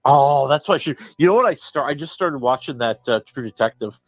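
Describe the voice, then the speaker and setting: Male guest critic, quick lively talk, bouncy pitch, muffled call-in line. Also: no echo. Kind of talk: casual call-in chat.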